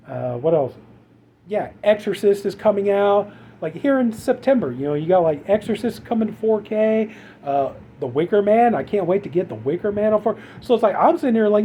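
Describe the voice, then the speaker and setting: Man, vlog host, rambling and exasperated, higher voice, mellow tone, faint hiss. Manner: rambling, exasperated, many fillers. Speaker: channel host. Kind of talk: casual vlog rant.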